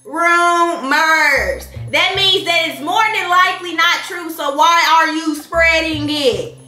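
A sassy woman with a high, bright voice, dishing out her reactions straight to her viewers. She talks at an unhurried pace in an echoey room, with faint music playing behind her. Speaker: reaction vlogger. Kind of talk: animated reaction vlog.

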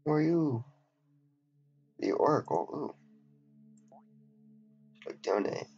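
A gameplay commentator with an expressive, medium-pitched voice, slow pace, vocal fry and a slightly mellow, breathy quality jokes offhandedly while playing. He reads the game's dialogue aloud and mutters asides, over dull lo-fi audio with faint game music.

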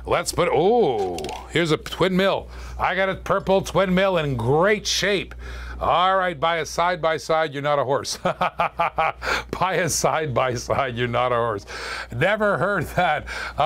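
A man hosting a live-streamed toy car auction, calling bids in quick, chatty patter and joking with viewers. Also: a little high, lively intonation, a bit bright. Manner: chatty, joking, fast auction calls with laughs.

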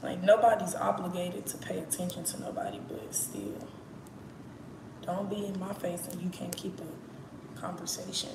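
A woman's voice: lowish voice, expressive, normal speed, gravelly. A woman from East Texas with an East Texas accent, chatting candidly and profanely on a livestream. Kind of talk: casual livestream chat. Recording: echoey room with background noise.

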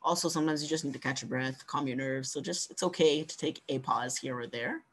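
A man giving a conversational workshop talk on pitching, coaching and encouraging, often ending points with "right?". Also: fairly quick, slightly rough. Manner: conversational, frequent "right?" tag questions. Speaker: workshop presenter.

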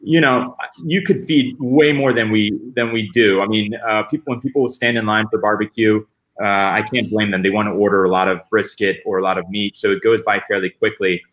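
Appearing as a pitmaster guest on a casual panel, a man explains things in a relaxed way with frequent fillers. His voice is on the low side and his pace brisk.

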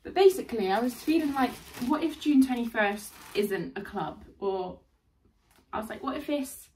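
A woman's voice: a little high, expressive, moderate pace, a little mellow. A young woman chatting casually and bubbly through a dress haul, laughing often. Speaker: fashion vlogger. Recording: distant mic, faint room noise.

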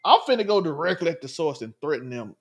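A man's voice: fairly high pitch, sing-song, fast, creaky, breathy edge. A man co-hosting a casual TV review chat, joking and laughing often. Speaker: podcast co-host.

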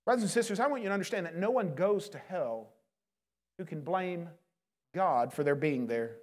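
A man's voice: high-pitched, moderate pace. A man preaching from the pulpit with an earnest, pleading urgency. His delivery is emphatic, and he presses each point on his listeners. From United States. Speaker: pastor. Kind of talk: sermon.

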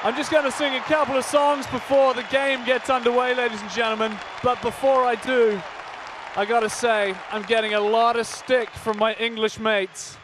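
Kiwi male stadium host, high bright shouting voice, roaring crowd behind. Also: little pitch movement, normal speed, noisy background. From New Zealand. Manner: exuberant, rousing, calls out to the crowd. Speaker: stadium entertainer and singer. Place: outdoor rugby stadium.

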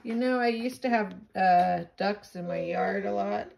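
A woman talks to her camera in a slow, unhurried ramble, mid-pitched and easygoing. She drifts between chatting with her viewers and cooing softly at her pet. A faint hiss sits under the recording. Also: gravelly, rough recording. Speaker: vlogger. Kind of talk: casual chat to camera.

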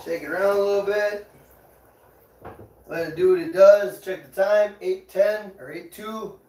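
A man's voice: high voice, fairly even intonation, unhurried, a little mellow, reverberant, rough recording. A man hosting a casual cooking livestream from his home kitchen, joking loosely, swearing freely and talking to his chat as he cooks. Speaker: livestream host.

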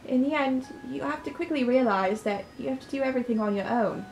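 A woman's voice: fairly quick, darkish tone, slight background noise, low-quality recording. Woman voicing a blunt, caring rabbit-eared youth. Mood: earnest. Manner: brash and teasing, raised pitch. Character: caring, blunt young man with rabbit ears.

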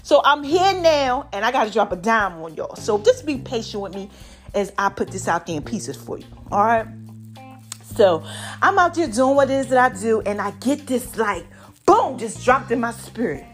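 A woman hosts her own podcast in a lively, drawn-out way, calling out "baby" and "y'all" as her pitch swoops high and low. Her voice sits on the higher side and sounds a little strained from allergies. Faint music plays underneath. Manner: animated, drawn-out preacher-like delivery with "baby" and "y'all". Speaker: podcast host. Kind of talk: solo podcast talk.

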